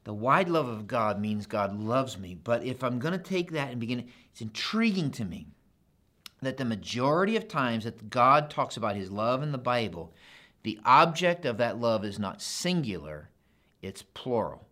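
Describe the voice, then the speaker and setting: A man preaching a sermon in a conversational, animated way, building to emphatic repetition. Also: medium pitch, moderate pace. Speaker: pastor.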